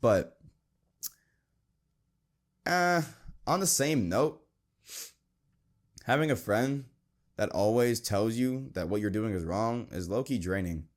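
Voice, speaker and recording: A man's voice: animated, slow, long pauses. A young man hosting a Christian podcast, talking earnestly and casually and reading verses aloud. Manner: earnest, conversational, quotes scripture, mimics friends in a high voice. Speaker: podcast host.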